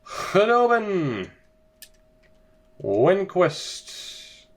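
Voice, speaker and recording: A man's voice: high-pitched, very animated, very slow. A young man giving sarcastic, exasperated commentary over a hockey video game as he plays. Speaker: gaming video creator. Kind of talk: let's-play commentary.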